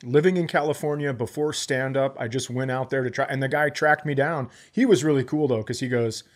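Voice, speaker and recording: A man's voice: mid-range voice, fairly quick. A man in his forties telling a comic story on a podcast, acting out both sides of the conversations as he goes. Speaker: podcast co-host, comedian. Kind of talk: casual storytelling chat.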